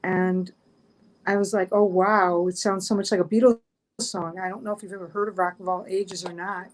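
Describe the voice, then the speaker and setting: A woman's voice: mid-range voice, level tone, moderate pace, a little hiss or hum, poor audio. A middle-aged woman, a guest on an online chat show, telling a story casually, rambling with many fillers and restarts.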